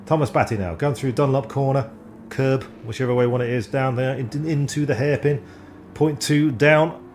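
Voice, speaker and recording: Guy commentating sim racing, rambly and excitable, mid pitch voice, faint noise behind. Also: moderate pace. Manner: excitable, chatty, rambling, stumbles over names. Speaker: race commentator.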